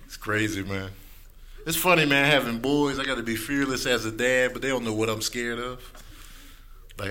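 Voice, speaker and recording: A man in his thirties doing an animated stand-up comedy set on a club stage, acting out other people's voices. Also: medium pitch. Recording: live recording with audience noise.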